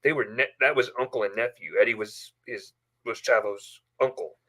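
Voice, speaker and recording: A man's voice: medium pitch, moderate pace, pushed and bright. Male stream host, chatty and rambling, recorded at home. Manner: rambling storyteller with many fillers. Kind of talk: casual live stream chat. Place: bedroom at home.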